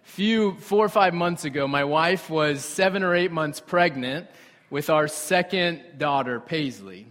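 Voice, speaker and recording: A young man preaching a sermon with animated storytelling and conversational asides to the congregation. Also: fairly high pitch, a little slow. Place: church sanctuary. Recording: reverberant hall.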